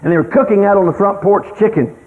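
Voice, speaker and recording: Older man, folksy emphatic storyteller, high and lively delivery, thin radio sound. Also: quick pace. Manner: folksy, anecdotal, emphatic with sudden loud exclamations. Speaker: speaker on child rearing. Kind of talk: storytelling talk. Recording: tinny lo-fi radio broadcast with long reverb.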